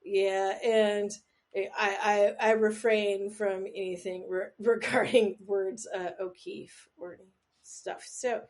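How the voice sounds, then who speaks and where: Woman, podcast co-host, casual quiz chat, rambling, jokey asides, mid-pitched voice. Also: little pitch movement, slow pace, a little mellow. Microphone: podcast microphone, sometimes leaning back from it.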